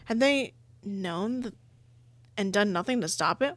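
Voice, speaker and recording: A woman's voice: medium pitch, lively intonation, measured pace, fairly bright tone, dry recording. A young woman reading a visual novel aloud and reacting in casual, profane, laughing commentary. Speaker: streamer playing a visual novel.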